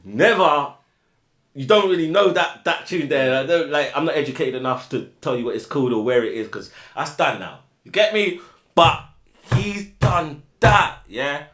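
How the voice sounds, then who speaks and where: A man telling a casual anecdote, full of slang, acting out the people he quotes in loud shouted bursts. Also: fairly high pitch, moderate pace. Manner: animated, acts out shouted quotes, slang-heavy. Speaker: guest storyteller. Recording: echoey room.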